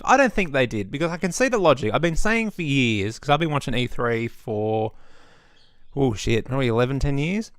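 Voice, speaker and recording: A man's voice: medium pitch, lively intonation, a little fast, smooth, dry recording, studio quality. A young man, ranting casually and sarcastically at home, swearing often. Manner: ranty, sweary, sarcastic asides. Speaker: gaming vlogger. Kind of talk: casual opinion rant. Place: home setup.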